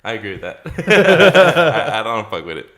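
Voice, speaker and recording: A man's voice: mid-range voice, very animated, moderate pace, creaky, pushed and bright. A man co-hosting a casual podcast, telling loose, profane stories and slipping into mock voices. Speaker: podcast co-host. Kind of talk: casual chat.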